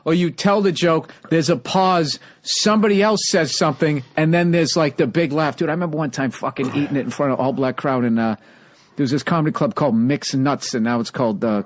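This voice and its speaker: A man hosting a podcast as a comedian, telling profane stories in casual chat with quick restarts. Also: mid-range voice, no echo. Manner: profane, fast storytelling with restarts.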